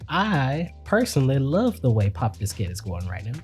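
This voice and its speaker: A woman co-hosting a podcast in casual chat, relaxed and opinionated, with "like" dropped in often. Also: rumbling low, moderate pace, soft background music. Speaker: podcast co-host. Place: home recording setup.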